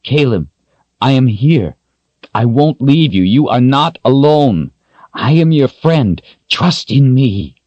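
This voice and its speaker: A man's voice: medium pitch, no room sound, dull audio, voice pushed up. A man playing a desperate young man pleading. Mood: calm. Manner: urgent pleading shifting to calm, slow reassurance. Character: young man, desperate then calm and steadying.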